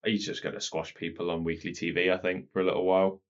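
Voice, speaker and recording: A man's voice: low voice, level tone, fast talker. A man co-hosting a wrestling podcast and leading a casual chat, steering the talk through the event. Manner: leads the talk and walks his co-host through the event. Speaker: podcast co-host. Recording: dull lo-fi podcast audio.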